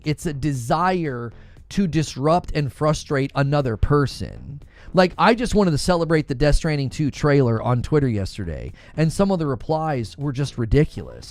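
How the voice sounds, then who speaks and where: A man's voice: on the high side, very animated, normal speed, darkish tone, faint music behind. A man hosting a gaming news show, talking casually and with exasperation, repeating himself as he rants. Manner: exasperated, repetitive, conversational ranting. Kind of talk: casual opinion commentary.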